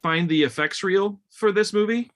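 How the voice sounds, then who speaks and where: A man's voice: sits high, normal speed, a bit bright. A man on a casual film podcast, speaking emphatically and swearing for emphasis. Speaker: podcast panelist. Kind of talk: casual film-discussion chat.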